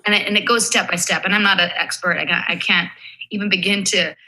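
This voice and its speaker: Bright-voiced woman explaining calmly. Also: medium pitch, fast, rough recording. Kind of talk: casual conversation.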